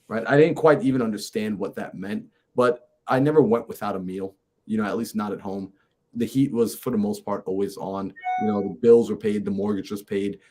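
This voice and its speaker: A man, a mindset coach and podcast guest, telling a personal story in a lively way and acting out the conversations in it. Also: lowish voice. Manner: lively, acts out conversations in his stories.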